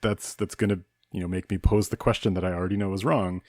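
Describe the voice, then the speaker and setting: A man's voice: deep voice, steady tone, quick pace, a little mellow, dry recording, clean studio sound. A man from Saskatchewan co-hosting a podcast, thinking aloud in an earnest, casual way. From Saskatchewan, Canada. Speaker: podcast co-host. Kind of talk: casual discussion.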